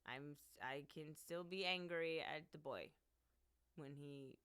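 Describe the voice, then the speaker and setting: A woman streamer chatting casually at home, playfully scolding her cat, with loud outbursts and low mutters. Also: slow, clean tone. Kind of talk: casual live-stream chat.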